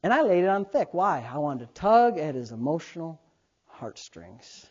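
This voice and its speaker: Speaking at a normal speed in a husky voice, this pastor in his thirties tells stories throughout his sermon. His delivery swings from quiet, almost murmured asides to loud, high, laughing outbursts as he voices his characters, all on a rather dull, lo-fi recording.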